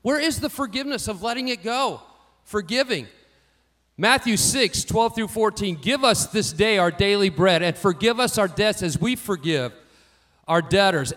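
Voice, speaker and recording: A man preaching a sermon, telling personal stories and swinging from quiet asides to louder emphatic lines. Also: high voice. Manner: storytelling, varies loudness widely, rising for emphasis. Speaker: pastor.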